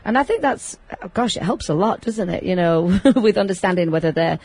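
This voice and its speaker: Husky-voiced chatty woman host. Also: mid-range voice, animated, fairly quick, a little mellow, no echo. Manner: chatty, laughing, teasing. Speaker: radio host. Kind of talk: casual radio chat. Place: radio studio.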